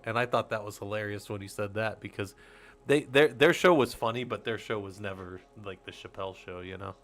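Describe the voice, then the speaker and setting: A man in his forties runs a relaxed Linux user group stream, rambling, laughing often, and swearing casually as he talks to viewers. He has a lowish, slightly bright voice and speaks a little fast.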